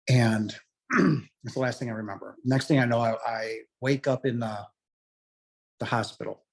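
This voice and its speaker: A middle-aged man with a husky, slightly breathy voice, pitched at an ordinary level for a man, speaks at a moderate pace. As an interview guest he tells his own story in candid personal storytelling, earnest and rambling, saying "you know" again and again.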